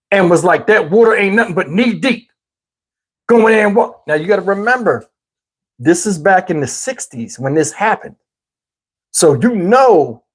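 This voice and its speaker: A man's voice: high voice, husky, rough recording. A man from New Jersey telling a family story in a casual, rambling way, chuckling often and restarting his sentences. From Camden, New Jersey, US. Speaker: channel host.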